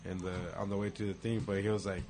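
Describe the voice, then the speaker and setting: A man's voice: on the low side, flat delivery, quick pace, background noise. A man telling stories in casual chat, profane and laid-back, acting out the quotes.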